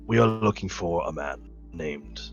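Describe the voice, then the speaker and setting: A man voicing a calm winged male adventurer who speaks low, soft and politely. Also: measured pace, creaky, highs cut off, soft background music. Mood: gentle probing.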